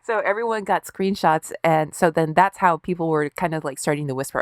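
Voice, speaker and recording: A woman co-hosting a podcast, telling stories in a casual, profane, animated way. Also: deep voice, brisk, dry recording, clean studio sound. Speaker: podcast co-host. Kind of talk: casual chat.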